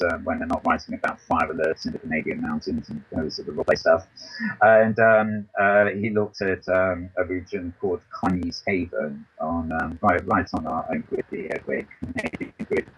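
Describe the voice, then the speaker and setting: Over a voice call from his computer, a male talk show host reads a news roundup, hesitating often with ums and restarts. His deep voice is husky with a fairly bright tone, and the recording is rough.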